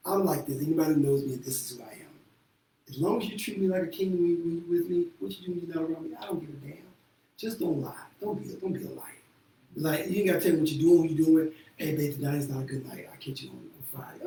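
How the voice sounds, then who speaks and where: A man's voice: on the high side, vocal fry, mellow. A man who works as a therapist, talking candidly and bluntly, with a lot of profanity and frequent laughter. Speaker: show host and therapist. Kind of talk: candid casual talk. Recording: echoey room from far off with faint noise.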